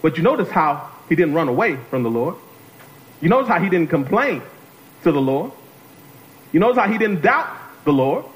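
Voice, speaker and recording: A man's voice: fairly high pitch, poor audio. A man preaching a sermon as a guest speaker, talking to the congregation, repeating phrases and calling on them to answer.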